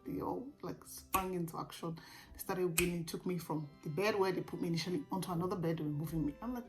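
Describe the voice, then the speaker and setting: A young woman vlogger telling her own story in a casual, animated way, often laughing. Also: on the low side, fast talker, soft background music, rough recording.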